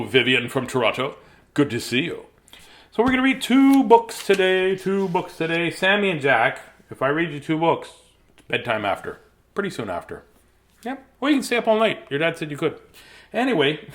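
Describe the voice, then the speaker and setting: A man's voice: mid-range voice, fairly bright tone. A man hosting a casual live video stream before bedtime story reading, greeting viewers by name in a playful, sing-song way. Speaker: host reading bedtime stories to kids.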